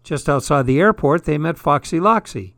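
A man reads absurd fairy tales with deadpan, wry asides. His voice sits a little high. The sound is dry and close. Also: moderate pace, no room sound. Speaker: storyteller. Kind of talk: comic storybook reading.

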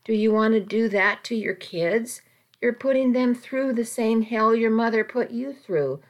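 A woman voicing a caring, firm middle-aged aunt in an audiobook, gentle but stern and pleading. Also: fairly high pitch, unhurried. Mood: concerned, stern. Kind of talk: audiobook reading.

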